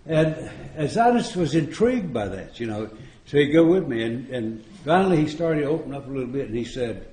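A man's voice: medium pitch, animated, brisk, few pauses, dark tone, slight background noise. A man speaking at a recovery retreat, telling stories in a folksy, joking way and chuckling often. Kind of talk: storytelling recovery talk. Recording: echoey room.

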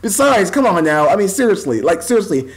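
A man's voice: high voice, big pitch swings, a little fast, slightly rough, poor audio. An American man ranting on his vlog, insulting and scornful as he reacts to other YouTubers' videos. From United States.

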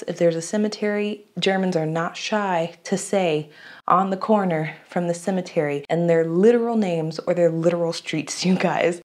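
A woman's voice: fairly low pitch, a little mellow. A young woman from Florida chatting casually to camera in her vlog, laughing often and making playful asides. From United States (Florida). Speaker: YouTube vlogger.

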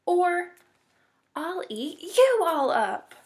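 A woman's voice: on the high side, big pitch swings, measured pace, fairly bright tone, slight background noise. A woman doing a feisty, wary girl bunny. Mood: defiant. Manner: dry, tough, sarcastic.

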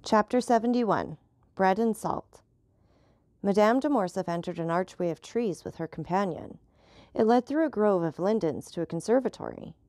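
A woman narrating a classic novel as an audiobook reader, in a steady storytelling manner. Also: medium pitch, moderate pace, no echo, studio quality.

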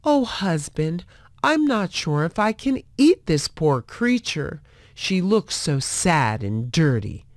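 A woman's voice: sits low, sing-song, slow pace, dry recording, clean studio sound, exaggerated voice. A woman voicing a tender-hearted farmer's wife, speaking in a raised, fluttery voice. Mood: pitying.

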